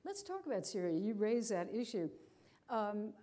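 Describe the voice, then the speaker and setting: A woman with an American accent, a journalist moderating a public conversation, asking measured questions with soft fillers. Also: medium pitch, sing-song. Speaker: journalist interviewer.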